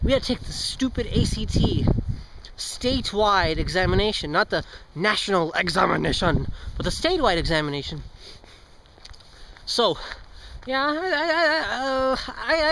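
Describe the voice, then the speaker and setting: Background noise fills this casual street vlog from a teenage boy walking among passing cars. He speaks in a high, very animated voice at a moderate pace. He rambles, fumbles his words, jokes around and swears casually.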